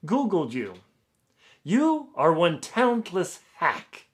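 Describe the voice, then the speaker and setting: A man's voice: high voice, huge pitch swings, takes it slowly, voice pushed up, exaggerated voice. A man putting on a pompous sneering literary snob. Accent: mock posh English. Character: pompous snobbish male literary critic.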